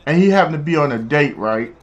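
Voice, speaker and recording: A man streaming a football video game, chatting casually and telling stories in an animated, slangy way. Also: on the high side, fast, lo-fi sound. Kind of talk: casual live-stream chat while gaming.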